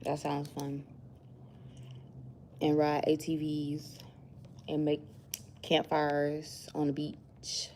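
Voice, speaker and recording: A woman's voice: deep voice, monotone, drawn-out words, long pauses, darkish tone, slight background noise. A young woman vlogging at work, chatting casually and musing aloud as she rambles from thought to thought. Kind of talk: casual chat to camera.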